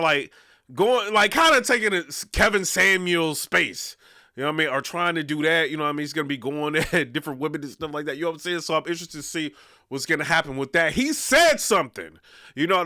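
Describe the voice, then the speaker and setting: A man's voice: fairly high pitch, pushed and bright, dry recording, studio quality. A man hosting a casual commentary vlog, rambling and peppering his talk with "you know what I'm saying.". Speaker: vlog host.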